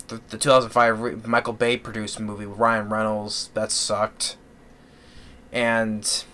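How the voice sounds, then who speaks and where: Man, casual movie review, smooth clean voice, mid-pitched, rambling, lots of fillers and false starts. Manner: rambling, with many fillers and restarts. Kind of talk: casual spoken film review.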